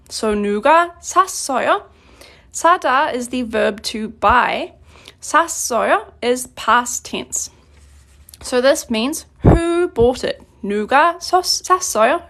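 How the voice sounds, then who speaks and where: High-voiced woman teaching Korean grammar. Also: a bit bright. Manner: explains plainly with many fillers, reads Korean examples then translates. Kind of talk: casual grammar lesson.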